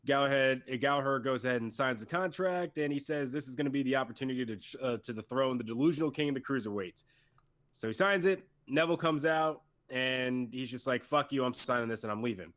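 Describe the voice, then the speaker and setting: A man's voice: mid-range voice, fairly quick, a bit bright. A man recapping a wrestling show in casual chat, swearing and mimicking wrestlers for laughs.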